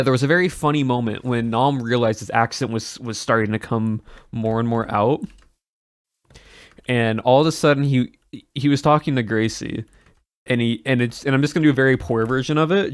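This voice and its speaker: A man's voice: mid-range voice, moderate pace, dry recording. A man streaming and chatting casually to his viewers, rambling with many restarts and chuckles.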